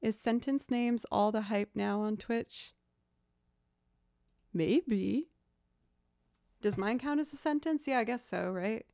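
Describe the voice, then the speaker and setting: A young woman from outside Boston, Massachusetts, a streamer and musician, chats casually with her livestream viewers about music and her loops, reading chat aloud with self-deprecating humor. Her voice is a little high and a little mellow, with some creakiness. She takes it slowly and leaves long pauses.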